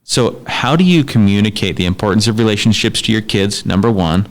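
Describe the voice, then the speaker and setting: A man hosting a podcast, asking questions in a slow, deliberate way. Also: on the low side. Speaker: podcast host. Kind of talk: casual interview questions.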